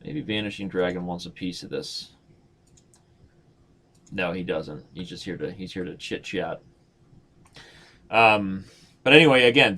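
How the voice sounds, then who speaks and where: A man in his thirties with a lowish voice talks through his games in a loose, chatty way. He jokes at his own expense and thinks aloud as he goes. The tone is casual live-stream commentary. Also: fairly bright tone. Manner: chatty, joking, self-mocking, thinks aloud. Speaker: chess streamer.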